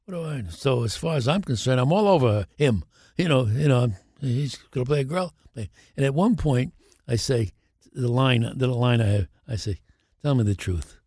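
Older male actor guest, animated raconteur, plays every part in his anecdotes, mid-pitched voice, dry close sound. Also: normal speed, husky, dry recording. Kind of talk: podcast interview storytelling.

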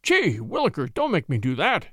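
Guy doing a rustic old-west deputy, gruff folksy talk, dry close sound. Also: on the high side, huge pitch swings, moderate pace, bright, forceful tone, dry recording, exaggerated voice. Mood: cowed. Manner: gruff, rustic country speech. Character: blustering frontier deputy, rough and then cowed.

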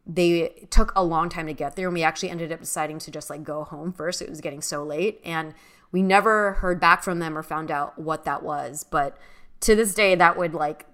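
A young woman with a bright, forward voice that sits slightly low for a woman. She tells a personal story in loose, animated conversation, full of "like" and "um" as she goes. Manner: animated storyteller, many fillers. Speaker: podcast co-host. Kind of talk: casual storytelling chat.

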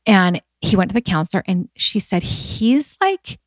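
A woman's voice: lowish voice, fairly quick, husky, no room sound. A woman in her forties, a guest telling personal stories in candid, heartfelt conversation, with many fillers and a voice that rises when she is moved. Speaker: podcast guest.

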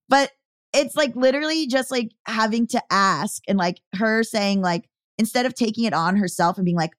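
A woman hosting a podcast, chatting casually and telling lively stories with quoted dialogue. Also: mid-range voice, brisk, no room sound, studio quality. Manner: chatty, animated storytelling with quoted voices. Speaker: podcast host.

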